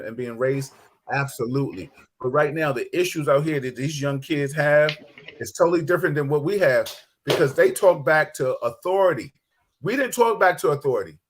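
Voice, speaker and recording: A middle-aged man hosting a casual talk show, telling stories with animated, acted-out quotes. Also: on the high side. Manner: animated storytelling, acts out quotes. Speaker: host. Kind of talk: casual podcast chat.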